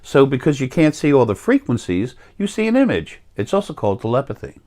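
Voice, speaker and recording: Warm and sing-song, this medium-pitched male voice moves a little quickly. Speaking as a teacher, he rambles through an earnest spiritual talk, frequently stopping to fix what he just said.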